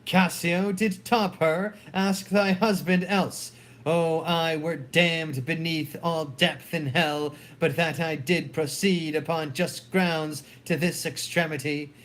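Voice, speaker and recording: A proud, wrathful general consumed by jealousy, as a man reads him, lifting his voice unusually high for a man. He takes the verse slowly and deliberately, every line weighed. A solemn dramatic play reading. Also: fairly even intonation, a bit bright. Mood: bitter.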